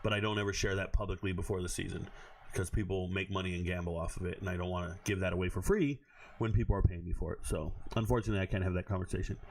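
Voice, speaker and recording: A man's voice: sits low, steady tone, racing. A man hosting a casual livestream as a sports analyst, blunt and profane, laughing often.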